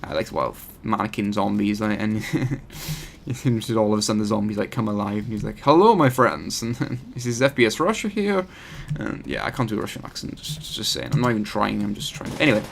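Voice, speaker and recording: A man's voice: lowish voice, fairly even intonation, fast, vocal fry, a little hiss or hum. A man hosting his gaming channel, giving rambling, chatty live commentary over his gameplay and often correcting himself.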